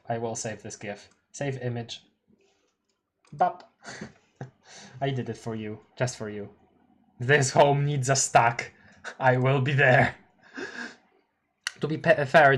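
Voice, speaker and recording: A streamer reading a webcomic live and talking through the reactions. The talk is casual and chatty, with frequent laughter and quick asides. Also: mid-range voice. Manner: chatty and giggly, reacting aloud.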